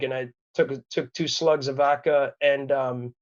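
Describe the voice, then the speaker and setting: A man's voice: medium pitch, fairly even intonation, a little slow, few pauses, highs cut off. A man in his thirties from Wisconsin, telling a personal story as a podcast guest in a candid, earnest, rambling way with many restarts. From Wisconsin, USA. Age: 30s.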